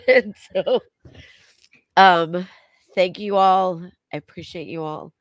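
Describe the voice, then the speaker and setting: A woman co-hosting a casual podcast, talking haltingly and emotionally with many restarts, close to tears. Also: lowish voice, dry recording. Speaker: co-host.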